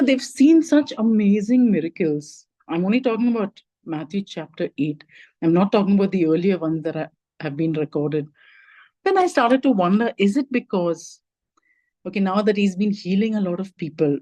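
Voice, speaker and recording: A woman's voice: medium pitch, warm tone, poor audio. A woman giving a conversational sermon over a video call. She thinks aloud, says "like" and "you know" often, and asks her listeners reflective questions. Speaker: lay preacher giving the message.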